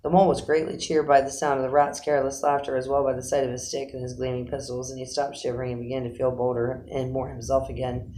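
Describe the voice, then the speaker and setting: A man narrating a children's animal story aloud in an expressive storytelling manner. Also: mid-range voice, fast, hardly any pauses, slight background noise, poor audio. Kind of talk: storybook reading.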